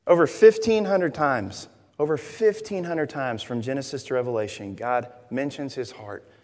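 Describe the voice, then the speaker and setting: Joking preacher in a big echoey hall. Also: male voice, mid-range voice. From Arkansas, USA. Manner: animated, joking storytelling. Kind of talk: sermon. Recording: long hall reverb.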